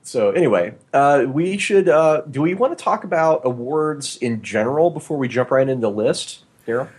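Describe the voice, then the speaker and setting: A man in a mid-pitched voice co-hosts a relaxed podcast, talking loosely with plenty of filler words and restarts. He is close on a proper studio microphone in a small home studio. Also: normal speed, breathy edge. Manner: rambling, with many filler "uh"s and restarts. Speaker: podcast co-host. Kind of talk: casual chat. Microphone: new studio microphone.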